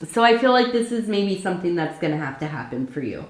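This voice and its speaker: A woman's voice: on the low side, sing-song, fast, roomy sound. A woman doing a casual ASMR tea leaf reading, talking in a chatty way with many fillers and asides.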